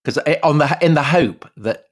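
A man co-hosting a podcast, chatting in an animated way with quick, jokey interjections. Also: on the high side. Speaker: podcast co-host. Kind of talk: casual chat.

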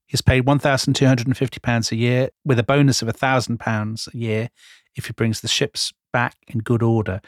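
A man's voice: medium pitch, dry recording, clean studio sound. Teasing man co-hosting a history chat. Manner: teasing, anecdotal, quick with asides. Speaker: podcast co-host. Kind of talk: casual history podcast chat.

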